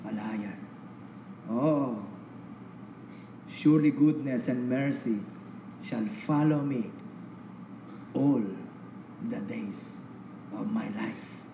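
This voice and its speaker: A man's voice: medium pitch, takes it slowly, long pauses, roomy sound, noisy background. A man preaching a sermon with a Filipino accent, switching between Tagalog and English and building to emphatic repeated cries. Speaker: pastor. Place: church.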